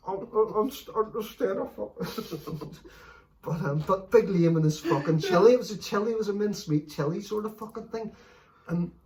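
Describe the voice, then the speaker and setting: A man, telling stories in a sweary, animated late-night chat, laughing as he goes. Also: high voice, moderate pace, distant mic. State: a bit stoned. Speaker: podcast host.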